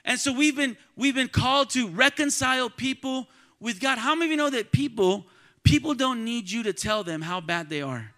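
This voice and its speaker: In a church sanctuary, a pastor with a high voice preaches a sermon, calling out to the congregation. He swings from quiet, intimate talk to ringing shouts, his tone bright and cutting, expressive, at a moderate pace.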